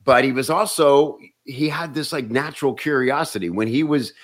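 A comedian and actor telling stories in casual chat, animated and often restarting words. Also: male voice, mid-range voice, normal speed.

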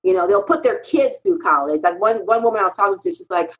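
A woman's voice: quick pace, rough recording. A middle-aged woman, a freelance copywriter, telling stories in an interview in a candid, emphatic way. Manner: animated, emphatic, pitch jumps when quoting herself.

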